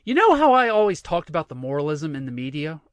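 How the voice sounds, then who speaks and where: A man's voice: a little high, big pitch swings, fast, smooth, no room sound. A man hosting a sports show, ranting with profanity and sarcasm. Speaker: sports commentary host. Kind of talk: sports rant monologue.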